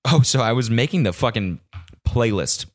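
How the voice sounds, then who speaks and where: A young man from California hosting a casual solo podcast, animated and profane, mimicking the voices of others as he tells a story. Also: medium pitch, moderate pace. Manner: animated, swears a lot, mimics cheering voices. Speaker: podcast host.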